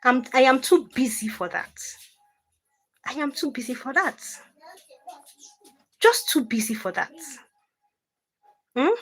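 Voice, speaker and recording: Animated woman livestreaming. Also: sits high, takes it slowly, long pauses. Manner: animated, indignant, emphatic repetitions. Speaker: livestream host. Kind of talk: livestream chat reading comments.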